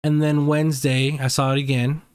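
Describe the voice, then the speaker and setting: A man's voice: on the high side, flat delivery, moderate pace, a little mellow, clear, resonant tone, no room sound. A man co-hosting a podcast in casual chat, with laid-back, rambling phrasing and many hesitations. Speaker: podcast co-host.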